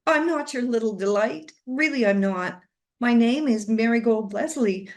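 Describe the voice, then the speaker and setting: A woman's voice: fairly high pitch, moderate pace, voice pushed up, lightly acted. A woman reading aloud and voicing a frightened little girl who pleads in a shaky, panicky voice. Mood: pleading. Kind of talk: storybook reading.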